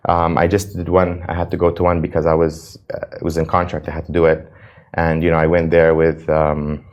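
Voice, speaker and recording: A man's voice: rumbling low, completely flat delivery, brisk, highs cut off. A man, a reality show cast member and cafe owner, answering interview questions earnestly and repeating words when he is moved. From United States.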